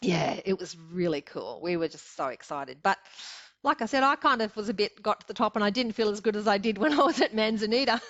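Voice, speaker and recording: A woman's voice: mid-range voice, lively intonation, a little fast, a bit bright. An older Australian woman telling her story as a guest, chatty and rambling with fillers and frequent laughter. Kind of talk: casual storytelling interview. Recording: dull lo-fi audio.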